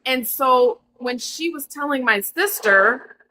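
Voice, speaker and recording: Bright-voiced earnest woman caller. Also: high-pitched, lively intonation, slight background noise, poor audio. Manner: rushed, apologetic, earnest. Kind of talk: emotional personal story.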